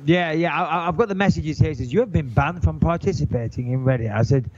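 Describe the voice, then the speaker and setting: A man co-hosting a podcast, telling an animated, indignant story in casual chat. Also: a little high, fast talker. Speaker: podcast co-host. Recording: dull lo-fi podcast audio.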